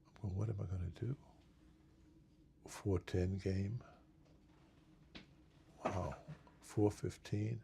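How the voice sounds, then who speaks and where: A man in casual talk as pastor and co-host, emphatic, slowing down and stressing scripture. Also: low voice, steady tone, gravelly, a little hiss or hum. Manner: emphatic, slows and gets louder on scripture. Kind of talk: preaching in casual chat.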